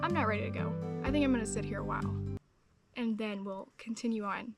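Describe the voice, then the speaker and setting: A woman's voice: mid-range voice, fast talker. A young woman vlogging casually outdoors on a hiking trip, talking candidly with lots of fillers. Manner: chatty, filler-heavy, candid and upbeat. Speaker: travel vlogger. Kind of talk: casual vlog talk to camera. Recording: with loud background music.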